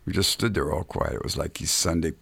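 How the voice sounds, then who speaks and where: A man appearing as a guest musician on a radio show, musing in an unhurried way, with restarts, and reading a story aloud. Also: a bass voice, vocal fry, a bit bright, breathy edge.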